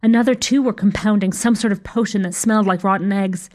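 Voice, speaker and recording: Woman narrator, mid-pitched, wry, reading a storybook tale. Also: fairly even intonation, fairly quick, darkish tone. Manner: wry first-person storytelling. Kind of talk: scripted narration.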